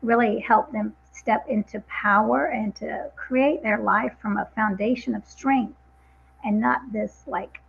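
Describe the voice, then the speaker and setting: A woman speaking as an interview guest about her coaching work, earnest and motivational, stressing phrases slowly. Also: fairly high pitch, fairly even intonation, creaky, breathy edge, narrow, tinny audio. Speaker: guest, vegan empowerment coach.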